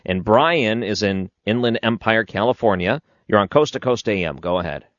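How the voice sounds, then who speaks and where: Deep-voiced male late-night radio host. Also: moderate pace, no echo, muffled recording. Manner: relaxed, thinks aloud, steers callers. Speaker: radio talk show host.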